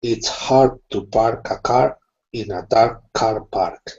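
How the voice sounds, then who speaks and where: A man's voice: fairly low pitch, slow pace, a little mellow. A man student carefully reading practice words aloud in an online pronunciation class. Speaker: language student. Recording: muffled video call audio.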